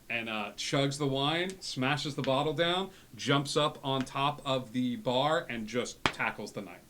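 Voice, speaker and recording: A man narrating a tabletop game as game master, at a middling pitch. He talks in a halting way and restarts often. A faint hum sits behind him. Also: a bit bright.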